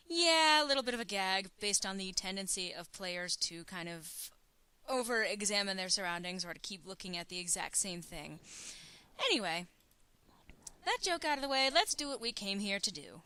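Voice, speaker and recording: A woman's voice: medium pitch, expressive, moderate pace, pushed and bright, clear, resonant tone, dry recording. A woman hosting a let's play, chatting and explaining the game between her character lines. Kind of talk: game commentary.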